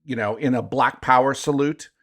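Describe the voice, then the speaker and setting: A man co-hosting a podcast in casual chat, joking and quick to laugh. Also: medium pitch. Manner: animated, jokey, quick to laugh. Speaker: podcast co-host.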